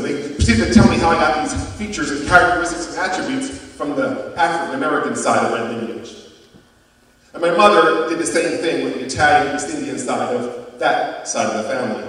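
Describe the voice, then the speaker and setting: A man in his fifties telling a personal story as a guest speaker, dramatic and emphatic, his loudness rising and falling. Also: a little high. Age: 50s. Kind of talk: motivational storytelling talk. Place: school auditorium. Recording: echoey hall from far off.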